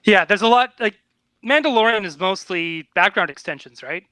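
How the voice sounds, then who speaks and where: A man's voice: high-pitched, expressive, moderate pace, bright, forceful tone, dry recording. A man co-hosting a casual chat who speaks in a tentative, hesitant way. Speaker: co-host.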